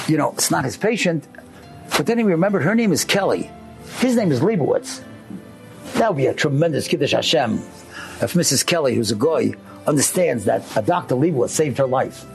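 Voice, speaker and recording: A man's voice: a little high, gravelly. A man preaching a sermon, telling a story earnestly and speaking straight to his listeners. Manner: earnest, addresses listeners directly.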